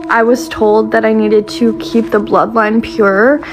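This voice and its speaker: A woman's voice: a little high, flat delivery, unhurried, background noise. A woman earnestly telling a personal story to camera.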